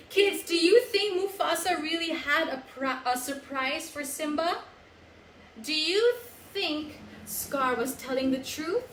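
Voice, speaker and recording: A woman with a Filipino accent, storytelling for children in an animated, sing-song way and coaxing them to join in. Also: high-pitched, slow pace, echoey room, a little hiss or hum, poor audio. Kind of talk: live storytelling for kids.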